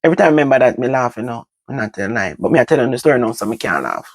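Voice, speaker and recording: An older woman with a Jamaican accent, telling stories from her own life to her vlog audience in casual, animated talk that moves between patois and standard English. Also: very deep voice, very fast, no echo. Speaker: vlogger. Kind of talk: casual storytelling to camera.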